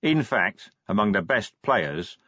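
A man voicing a clever male troll who speaks quietly and patiently, like a school teacher. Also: on the low side, very animated, no echo, muffled recording, exaggerated voice. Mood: calm, measured. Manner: measured, patient, lightly teasing.

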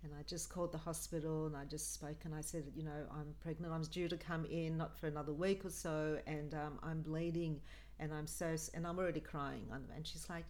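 A woman's voice: deep voice, little pitch movement, a little fast, darkish tone. A middle-aged woman, a guest recounting a personal story in a podcast chat, earnest and acting out what people said. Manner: earnest, acts out quoted speech. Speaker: guest, mother of a host.

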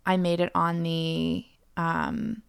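Woman from Florida, podcast co-host, gravelly, reflective casual talk. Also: fairly low pitch, slow. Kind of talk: casual chat.

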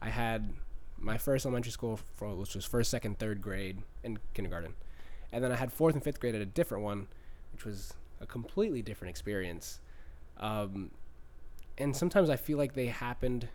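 A man's voice: lowish voice, a little fast. A young man co-hosting a casual podcast, telling school stories with gaming jokes. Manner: animated storyteller with gamer jokes. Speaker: podcast co-host. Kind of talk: casual chat.

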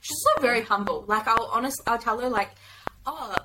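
A woman's voice: a little high, fast, noisy background. A young woman chatting as a guest on a casual podcast, bubbly and playful. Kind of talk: casual chat.

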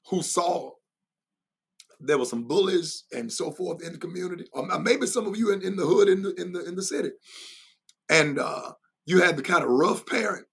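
High, gravelly, emphatic preaching man. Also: moderate pace, long pauses, a bit bright. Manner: emphatic and repetitive, with bursts of laughter. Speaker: preacher and Bible teacher. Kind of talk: sermon-style teaching.

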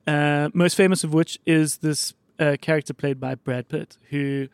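A man hosting a casual chat show, his voice sitting a little high for a man and his talk rambling and full of fillers. The sound is close and dry, with no room in it. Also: fairly even intonation, smooth, no echo. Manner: rambling, quick, swears casually, lots of fillers. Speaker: podcast host running a mock video store.

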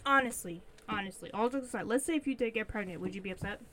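A woman's voice: mid-range voice, rapid-fire, crowd noise. A woman co-hosting a podcast in casual, teasing chat with a friend. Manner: chatty, teasing, playful sing-song asides. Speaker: podcast co-host.

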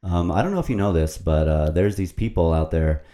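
A man's voice: deep voice, expressive, fairly quick, dark tone. A man hosting a casual podcast into a microphone at a computer, reading a poem and rambling in a playful, profane way. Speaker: podcast host.

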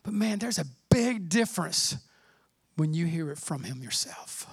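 A middle-aged man preaching a sermon in a fervent, conversational way, often dropping to a hushed near-whisper. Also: fairly high pitch, expressive, a little slow, creaky, breathy edge, no room sound, clean studio sound. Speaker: pastor.

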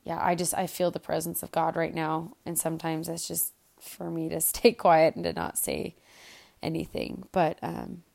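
A woman hosting a Bible study podcast, talking earnestly and softly, often repeating words as she gets emotional. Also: low voice, level tone, normal speed, vocal fry. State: emotional, quiet and soft-spoken. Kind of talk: casual devotional podcast talk.

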